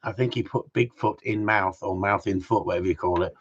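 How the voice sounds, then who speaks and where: Rambling man, husky low voice. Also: steady tone, a little fast. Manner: rambling, jokey, mild swearing. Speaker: gundog trainer hosting a live Q&A stream. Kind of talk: casual live-stream chat. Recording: slightly dull lo-fi sound.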